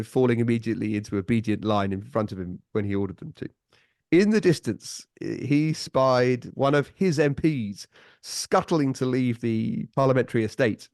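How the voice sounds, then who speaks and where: A man guest on a podcast, telling stories in a lively way and chuckling often. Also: medium pitch, dry recording, studio quality. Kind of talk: casual storytelling chat.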